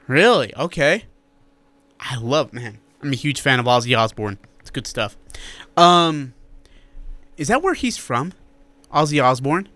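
A man's voice: mid-range voice, big pitch swings, measured pace, pauses often, pushed and bright, no echo. A man co-hosting a sports radio show, rambling and joking in casual talk.

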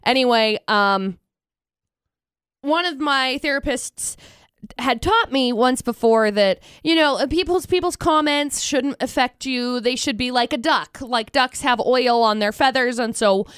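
A woman's voice: high voice, measured pace, fairly bright tone, clean tone, no echo, clean studio sound. Chatty, self-deprecating woman radio co-host. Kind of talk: casual radio banter. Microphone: studio microphone.

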